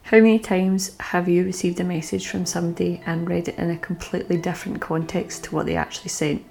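A woman's voice: lowish voice, fairly even intonation, fairly quick, vocal fry, a little mellow. A woman hosting a podcast, talking reflectively and giving advice to her listeners. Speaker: podcast host. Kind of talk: podcast conversation.

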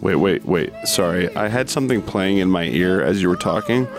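A man co-hosting a comedy podcast, delivering absurd bits with deadpan bravado. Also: sits low, normal speed, music in the background. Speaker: podcast co-host. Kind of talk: comedic improvised podcast banter.

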